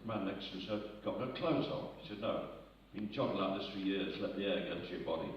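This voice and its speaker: A man's voice: low voice, fast talker, a little hiss or hum. A man telling jokes to a live audience, rambling, losing his place and chuckling at his own punchlines. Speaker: comedian. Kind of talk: live stand-up joke telling. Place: live arts centre stage with audience. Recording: echoey, muffled hall recording from far off.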